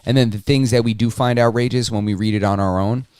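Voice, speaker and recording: A man's voice: on the low side, steady tone, quick pace, a little mellow, smooth, dry recording. A man co-hosting a podcast, chatting casually and rambling, with frequent restarts and casual swearing. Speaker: podcast co-host. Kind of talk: casual chat.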